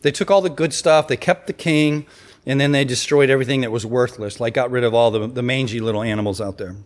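A man's voice: medium pitch, quick pace. Conversational male preacher. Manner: conversational preaching, reads scripture and acts out quotes. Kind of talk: sermon.

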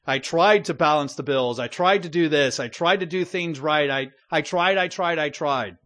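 A man's voice: a little high, moderate pace, fairly bright tone, lightly acted. A preacher voicing a fearful, worn-out prophet who pleads and stammers as he makes his case. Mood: pleading.

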